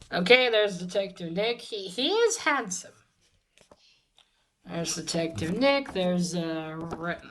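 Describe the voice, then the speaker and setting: A woman's voice: on the low side, a little hiss or hum, poor audio. A woman giving a casual comic book review, chatty and profane, with many fillers and restarts.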